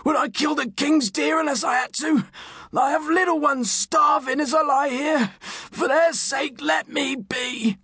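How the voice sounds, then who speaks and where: Brief: a desperate injured poacher, pitched way up, pleading. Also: male voice, steady tone, unhurried, pushed and bright, dry recording, studio quality, heavily acted. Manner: pleading, cursing, shrill and strained. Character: desperate wounded male poacher, a father.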